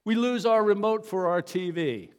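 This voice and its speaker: Folksy preacher in a reverberant hall. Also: male voice, sits high, expressive, moderate pace, clear, resonant tone. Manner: conversational, folksy, with fillers and restarts. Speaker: pastor. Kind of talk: sermon with storytelling. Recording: long reverb of a large hall.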